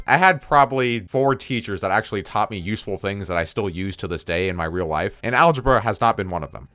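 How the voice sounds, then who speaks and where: Young man, low-ish voice, rambling storytime vlogger who swears constantly, dry close sound. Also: lively intonation, fast, hardly any pauses, fairly bright tone, no echo, faint music behind. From United States. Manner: rambling, digressive, swears a lot. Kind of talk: casual storytime vlog.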